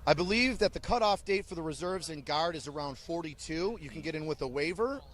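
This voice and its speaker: The voice belongs to an army drill sergeant, a little high and brisk. He relates stories in an interview with plenty of animation, barking out quoted orders.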